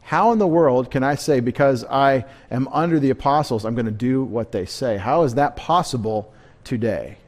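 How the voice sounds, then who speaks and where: A man's voice: mid-range voice, moderate pace. A man preaching a midweek sermon as pastor, talking conversationally, asking the congregation questions and adding joking asides.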